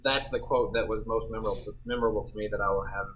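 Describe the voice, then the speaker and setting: A man's voice: lowish voice, fairly even intonation, racing, a crowd in the background, poor audio. A man co-hosting a podcast, chatting casually and telling a story in a rambling, self-interrupting way. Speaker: podcast co-host. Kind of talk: casual chat.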